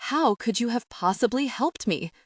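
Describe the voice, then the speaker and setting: A woman's voice: on the high side, lively intonation, moderate pace, no echo, clean studio sound, pitched above the performer's own voice. A woman reading the lines of an anguished young man confessing old trauma, in a strained, choked voice. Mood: bitter. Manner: strained, choked, hissing delivery. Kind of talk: audiobook character reading.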